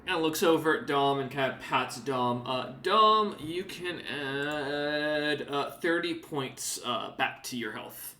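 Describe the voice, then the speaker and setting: A man's voice: on the high side, lively intonation, slow, hardly any pauses, sharp tone, reverberant. A man narrating a tabletop game as game master, hesitant and full of fillers.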